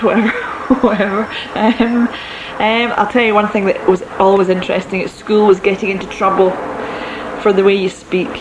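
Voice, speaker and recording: Thirties woman, Ayrshire Scottish accent, mid-pitched, chatty and halting, audible background noise. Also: level tone. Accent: west of Scotland, Ayrshire. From Scotland. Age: 30s. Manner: chatty, hesitant with frequent ums, laughs easily. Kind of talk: casual monologue about dialect.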